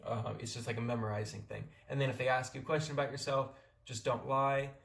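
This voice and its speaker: A man's voice: medium pitch, little pitch movement, fast talker, creaky, a bit bright, echoey room. A young American man from California giving casual, rambling advice in a vlog. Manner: rambling, many restarts and fillers. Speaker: vlogger.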